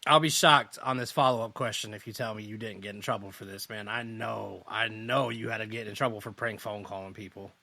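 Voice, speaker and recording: A man's voice: on the low side, fairly even intonation, a little fast, gravelly, few pauses, pushed and bright, dry recording. A man hosting a podcast, laid-back and slangy in casual chat. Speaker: podcast host.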